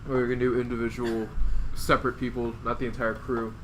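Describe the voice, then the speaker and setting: A man's voice: mid-range voice, level tone, brisk, noisy background. A man hosting a casual podcast with friends, swearing freely and steering the talk back to topics. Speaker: podcast host and audio editor. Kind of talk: casual chat.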